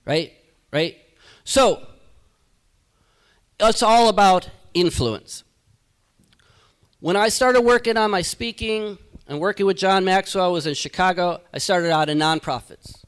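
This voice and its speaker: A man giving a live keynote to an audience as a motivational speaker, energetic and rhetorical, tagging his points with "right?". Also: high-pitched, unhurried, long pauses, clean tone. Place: event hall.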